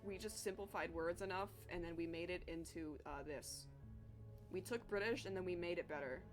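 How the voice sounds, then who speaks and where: A woman's voice: fairly low pitch, normal speed, faint music behind. A young woman chatting casually with her live chat while she draws, talkative and self-deprecating, swearing freely. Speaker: streamer drawing live.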